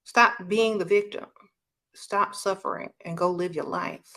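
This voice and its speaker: A woman's voice: mid-range voice, fairly even intonation, measured pace, bright, forceful tone. Brash scolding woman. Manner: brash, scolding, mocks others in a whiny voice. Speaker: relationship advice vlogger. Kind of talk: blunt advice rant.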